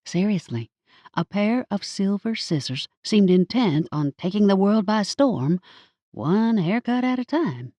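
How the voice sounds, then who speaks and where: A woman narrating a first-person audiobook in a measured, expressive way, with playful wry asides. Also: medium pitch, dry recording.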